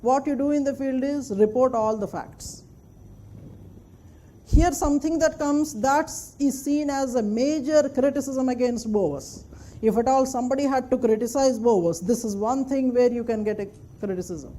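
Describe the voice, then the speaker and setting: A woman's voice: high voice, normal speed, warm tone, slight background noise. A woman giving a classroom lecture, emphatic, repeating points and checking that her students follow. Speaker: anthropology lecturer.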